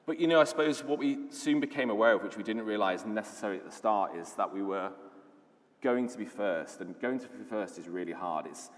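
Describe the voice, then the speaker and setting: Low-voiced british guy giving a conference talk, chatty and keen, reverb from the hall. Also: lively intonation, a little fast. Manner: enthusiastic storytelling, conversational with fillers. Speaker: conference speaker, lead designer.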